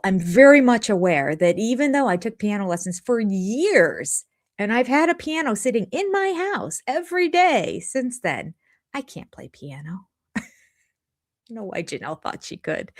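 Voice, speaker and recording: An older woman hosting a live chat from her home, rambling and jumping between topics. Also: mid-range voice. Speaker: channel host. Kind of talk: live chat reviewing a reality show. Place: home room.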